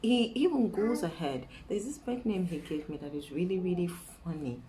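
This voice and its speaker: A young Nigerian woman with a Nigerian accent, giving chatty dating advice in a casual vlog and dropping into a soft coaxing voice to act out sweet talk. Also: lowish voice, lively intonation, normal speed, slight background noise, rough recording.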